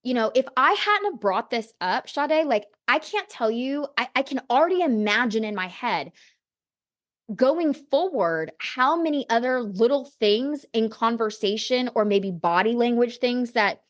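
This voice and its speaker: A woman's voice: a little high, animated, a little slow. A woman guest on a podcast interview, telling a personal story in a reflective, candid way with frequent casual fillers. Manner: reflective, personal, heavy on "you know" and "like".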